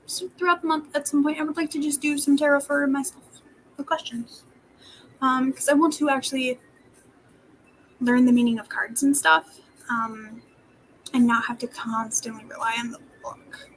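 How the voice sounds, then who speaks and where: High-voiced young woman, chatty, half-whispered. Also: little pitch movement, normal speed, a little hiss or hum, low-quality recording. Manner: chatty, drops to soft whispered asides while writing. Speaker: vlogger. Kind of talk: casual planning vlog.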